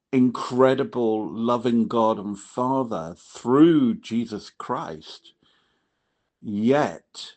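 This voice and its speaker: A man hosting a podcast, speaking in a measured, reverent and reflective way that lingers on each word. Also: medium pitch, darkish tone. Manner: measured and reverent, dwells on words.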